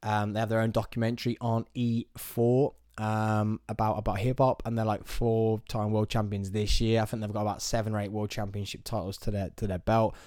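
A young man talking alone to camera in a small studio, telling stories in a chatty, animated way. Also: fairly low pitch, brisk, hardly any pauses, dry recording. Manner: chatty and animated, playful storyteller. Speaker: podcast host. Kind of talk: casual solo vlog to camera.

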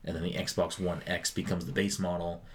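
A man's voice: low voice, flat delivery, normal speed, a little hiss or hum. A man co-hosting a casual gaming podcast, joking and swearing as he rambles through his thoughts. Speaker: podcast co-host.

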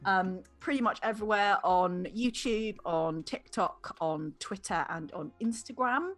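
A woman's voice: mid-range voice, fairly bright tone, soft background music. A woman hosting a live tabletop science show, wrapping up in a bubbly, rambling way with a British background. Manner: bubbly, rambling, quick to laugh. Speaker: host. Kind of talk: casual wrap-up chat on a live show.

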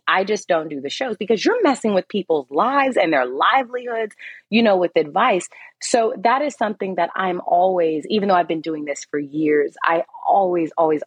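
Woman guest, husky and low, blunt casual talker with easy laughs. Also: no room sound, lo-fi sound. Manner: candid, laughing, swears casually. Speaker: psychic medium guest. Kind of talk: casual podcast interview.

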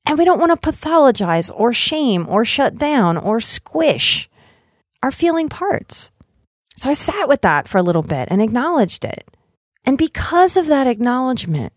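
A woman's voice: a little high, no echo, studio quality. Earnest woman giving a reflective self-care talk. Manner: gentle, earnest, rhythmic listing phrases. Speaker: podcast host.

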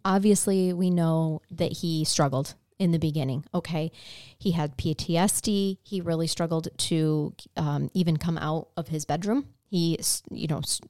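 A woman's voice: low-pitched, fairly even intonation, normal speed, few pauses, dark tone, no room sound, clean studio sound. A woman co-hosting a casual true-crime podcast, telling the story plainly and with feeling, swearing now and then. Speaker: podcast co-host.

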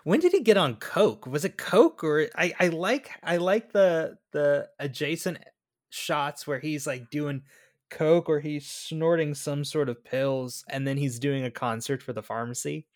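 A man co-hosting a film podcast, chiming in with reactions and questions in a relaxed, chatty way. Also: a little high, a little slow. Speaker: podcast co-host. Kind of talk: casual chat.

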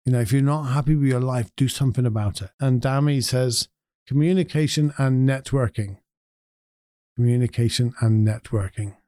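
A man hosts a relaxed chat, reading viewer comments aloud and pondering each one with an easy chuckle. His voice is mellow and warm. The sound is dry and close, with no room around it. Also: medium pitch, moderate pace, no echo. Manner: reflective, chuckles often.

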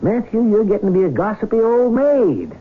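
Brief: a patient older mayor, husky voice, tinny old broadcast. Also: male voice, sits high, a little fast, full character voice. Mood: chiding. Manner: chiding, calm. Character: patient older male father, the town mayor. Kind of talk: 1970s radio drama acting.

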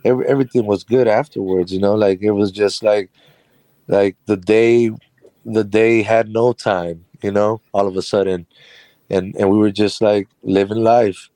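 A man's voice: on the low side, steady tone, unhurried, dark tone, dry recording. A man who runs a carpentry business, telling a personal story as an interview guest in a chatty, rambling way with frequent laughs.

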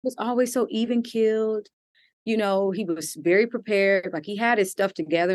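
A woman, an actress, answering interview questions in an animated way, laughing and using many fillers. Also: medium pitch, dry recording. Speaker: actress guest.

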